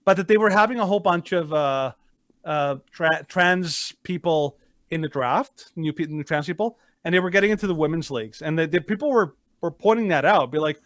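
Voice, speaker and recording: Male podcast co-host, slightly high pitch, rambling and emphatic, dry booth sound. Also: a little fast, a bit bright, no echo. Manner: rambling, searches for words, emphatic. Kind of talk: casual opinionated chat.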